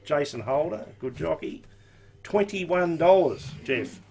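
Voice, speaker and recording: A man's voice: fairly high pitch, expressive, slow pace, gravelly, darkish tone, slightly rough. An Australian man giving horse racing tips and odds in an easygoing live-stream chat, full of casual slang. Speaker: racing tipster.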